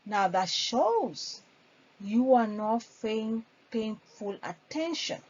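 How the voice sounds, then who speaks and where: Female instructor, slightly high voice, patient teaching delivery, dull lo-fi recording. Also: animated, slow pace, a little mellow. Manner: explains patiently, acts out sample phone greetings. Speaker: customer service instructor. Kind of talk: instructional lecture.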